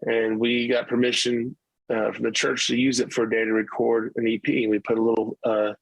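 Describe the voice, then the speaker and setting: A man's voice: mid-range voice, completely flat delivery, fairly quick, creaky, no echo, rough recording. A middle-aged male musician telling stories in a casual interview, rambling with many restarts. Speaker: musician guest.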